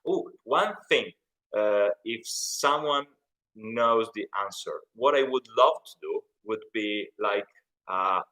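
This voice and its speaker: A man's voice: lowish voice, animated, slow, sharp tone, low-quality recording. A young Italian man with an Italian accent, hosting a casual live stream Q&A and chatting in a rambling way. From Italy. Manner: chatty, rambling, reads out chat comments. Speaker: YouTube channel host.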